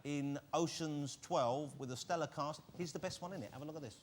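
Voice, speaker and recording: A man's voice: fairly high pitch, heavy background noise. A man hosting a talk show, teasing and bantering with his guest. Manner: quick, teasing and animated.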